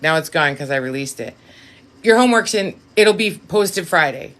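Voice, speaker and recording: A woman with a slightly low voice hosts a casual live-stream reading. She talks straight to her viewers, blunt and quick to swear. Now and then she jumps up in excitement, then sinks into a quiet aside. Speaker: live-stream tarot reader.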